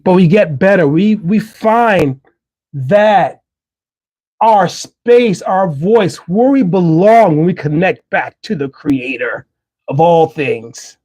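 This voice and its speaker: A middle-aged man speaking in a fairly high voice, hosting a livestream. He delivers an earnest, faith-based motivational talk and leans hard on repeated phrases for emphasis. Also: slow pace, a little mellow. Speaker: livestream host.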